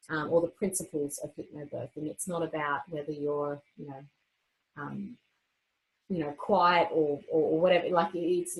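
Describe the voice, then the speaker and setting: A woman's voice: deep voice, rough recording. Chatty young woman telling her birth story. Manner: chatty, with frequent fillers and restarts. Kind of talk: casual personal storytelling to camera.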